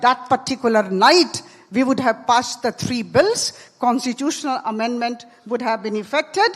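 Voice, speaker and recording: A woman with an Indian English accent giving a forceful panel speech, stressing each point and repeating it for weight. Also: sits high. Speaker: panel speaker. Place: large conference hall. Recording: long hall reverb.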